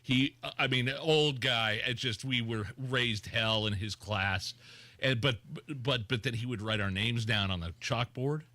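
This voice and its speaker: A middle-aged man from Indiana, co-hosting a radio show and telling stories in excitable, casual banter. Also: medium pitch, measured pace, no room sound. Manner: excitable storyteller. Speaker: radio co-host.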